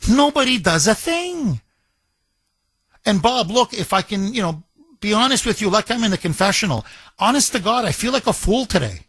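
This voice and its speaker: An impassioned male talk radio host with a high, husky voice, hammering his points home by repeating them. The sound is dry and close, with no room around it. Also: expressive, fairly quick, a bit bright, dry recording. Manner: impassioned, emphatic, repeats phrases for effect. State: recovering from broken ribs.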